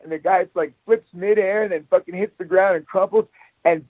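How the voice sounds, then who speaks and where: A man spins a rowdy, profanity-laced story in casual podcast chat, acting out every beat. His voice sits a little high. The sound is thin and tinny, like a phone line, in a dry room. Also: fairly even intonation, fairly quick, no echo. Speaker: guest, jiu-jitsu academy owner.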